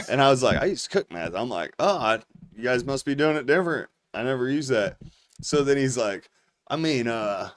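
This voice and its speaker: A man's voice: fairly high pitch, normal speed. Profane, laughing storyteller man. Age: 40s. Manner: profane, animated storyteller who laughs through his anecdotes. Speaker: podcast host. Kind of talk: casual storytelling.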